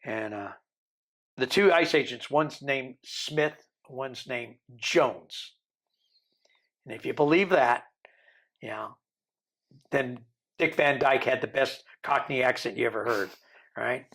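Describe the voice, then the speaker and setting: A man in his sixties, a podcast guest, telling a long story in a lively way and acting out the people he quotes. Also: medium pitch, takes it slowly, long pauses. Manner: animated storyteller who mimics the people he quotes.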